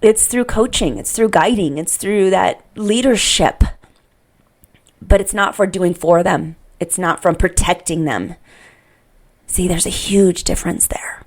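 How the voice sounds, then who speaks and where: A woman in middle age speaks in an earnest, off-the-cuff podcast monologue. Her voice has a gravelly, fried texture at the bottom, and she restarts and repeats phrases while searching for words. It feels heartfelt rather than scripted. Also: fairly low pitch, unhurried. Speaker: parenting podcast host.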